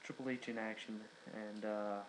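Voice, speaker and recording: Young male reviewer, rambling casual recap, low monotone voice. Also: moderate pace, background noise. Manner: rambling, many fillers and restarts. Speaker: wrestling reviewer.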